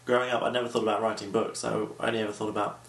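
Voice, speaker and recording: A man's voice: fairly low pitch, flat delivery, fairly bright tone, slight background noise. Playful man author, echoey room. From London. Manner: playful, laughs often, quick banter. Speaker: author being interviewed. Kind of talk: casual conversational interview.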